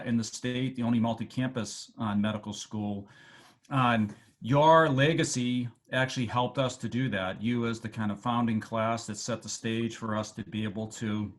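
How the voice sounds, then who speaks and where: A man with a Boston accent giving a halting speech over a video call to alumni, with many fillers and restarts. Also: mid-range voice. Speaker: medical school dean addressing alumni.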